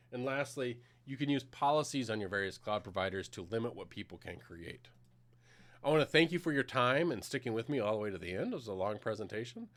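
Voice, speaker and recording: A middle-aged man giving a conversational technical conference talk with a live demo, explaining plainly with some fillers. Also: medium pitch. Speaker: conference presenter.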